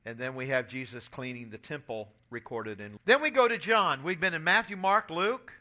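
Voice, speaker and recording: A man's voice: on the high side, moderate pace, few pauses, pushed and bright. A man in his sixties preaching a sermon, telling stories and reading scripture aloud in an earnest way. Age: 60s. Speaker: pastor.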